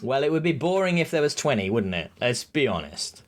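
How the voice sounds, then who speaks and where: Lively man recapping excitedly. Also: medium pitch, brisk. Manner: excitable, jokey, acts out scenes. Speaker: podcast co-host. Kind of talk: casual recap chat. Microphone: headset.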